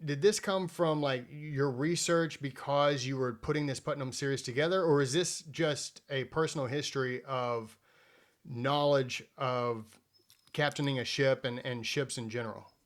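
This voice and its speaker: A man's voice: mid-range voice, moderate pace. A male podcast host with an everyday mid-range voice. He asks long, casual questions and tosses in friendly agreement. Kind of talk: interview questions.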